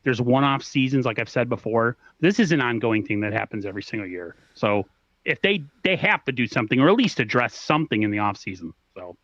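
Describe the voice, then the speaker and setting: A man hosting a casual podcast chat, talking haltingly and restarting his sentences. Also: medium pitch, lively intonation, a bit bright, no echo. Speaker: podcast host. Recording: dull, muffled audio.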